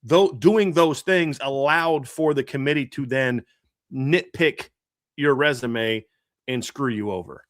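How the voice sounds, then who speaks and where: A man's voice: medium pitch, slow pace, no room sound, clean studio sound. A man from the American South chatting casually as a sports podcast co-host, rambling with frequent restarts. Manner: rambling, restarts, laughs often.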